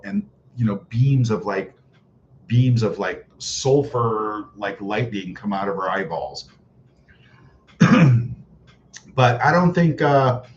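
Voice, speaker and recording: A man chatting on a livestream, his talk sarcastic and full of mocking chuckles. The audio is dull and lo-fi, with a faint hiss behind him. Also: mid-range voice. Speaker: livestream host reading chat. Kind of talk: casual livestream chat.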